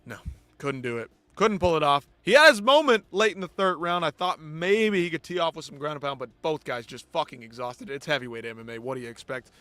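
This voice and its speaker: A man's voice: a little high, animated, brisk, sharp tone, dry recording. A man hosting a live post-fight show, ranting bluntly and with heavy swearing. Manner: blunt, profane, exasperated ranting. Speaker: host.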